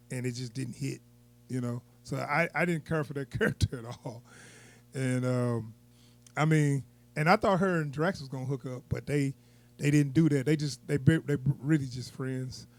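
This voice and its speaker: A man talks through a film review in an easy, unscripted way. His voice sits at an ordinary middle pitch, and he rambles from thought to thought with frequent chuckles. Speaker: movie reviewer. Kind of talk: casual off-the-cuff review.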